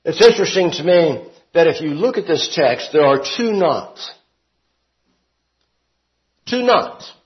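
Slow, animated man teaching Bible class. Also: fairly high pitch. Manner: expressive, rising to emphatic peaks and dropping to quiet asides. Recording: dull lo-fi classroom recording.

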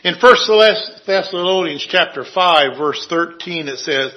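A man preaching an earnest sermon, walking through scripture verse by verse. His voice sits high and sounds very bright. He speaks slowly and sometimes drops to a hush for emphasis. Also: low-quality recording.

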